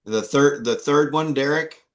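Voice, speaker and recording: A man's voice: a little high, unhurried, a crowd in the background. A man teaching an online Greek class, patient and repeating himself with many fillers. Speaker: Greek instructor.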